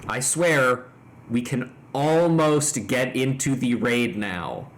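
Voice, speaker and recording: A man hosting a stream, chatting casually with jokes, swearing and quick asides. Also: mid-range voice. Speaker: streamer host.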